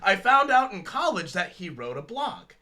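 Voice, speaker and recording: A man in his thirties co-hosts a casual chat show podcast, rambling, joking, and laughing often. His high, sing-song voice is bright and forceful at normal speed.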